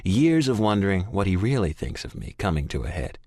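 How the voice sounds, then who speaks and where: Male audiobook narrator, deep and dry, brooding first-person read with raw intensity. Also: very animated, fairly quick, darkish tone, dry recording. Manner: intense, brooding, profane inner monologue.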